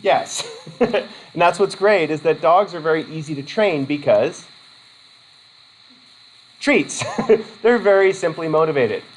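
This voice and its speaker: A man's voice: on the high side, expressive, unhurried, pauses often, low-quality recording. A man from Vermont giving a casual college lecture, rambling with jokey asides.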